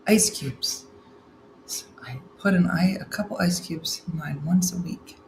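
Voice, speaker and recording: A middle-aged woman with a slightly low voice hosts a chatty morning stream, tossing off wry asides as she reads comments. She sounds like she's in a roomy space with a clear echo. A faint hum of room noise sits underneath. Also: moderate pace, darkish tone. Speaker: morning show host reading viewer comments. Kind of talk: casual live-stream chat. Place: room at home.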